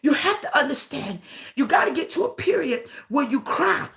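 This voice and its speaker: A woman pastor, preaching a livestreamed sermon, often shouting and punctuating her lines with "uh" and "huh". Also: sits high, sing-song, normal speed, gravelly. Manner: shouting, preaching with rising intensity and "uh" and "huh" fillers.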